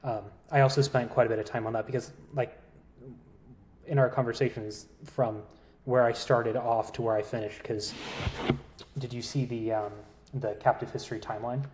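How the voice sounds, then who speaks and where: Low-key man talking about his book. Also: fairly even intonation, moderate pace, darkish tone. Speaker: book author, guest. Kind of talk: casual chat.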